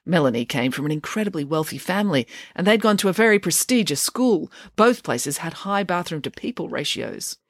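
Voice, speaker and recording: A woman's voice: fairly low pitch, a little fast, hardly any pauses, dry recording, clean studio sound. A woman reading a children's novel aloud, switching into voices for each character. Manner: lively storytelling with character voices. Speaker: audiobook narrator.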